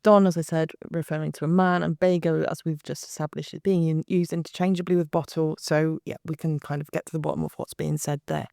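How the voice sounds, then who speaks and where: A woman forensic linguist, a podcast guest, explaining her analysis step by step in a measured way with some fillers. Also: low-pitched, steady tone, vocal fry, mellow, no echo, studio quality.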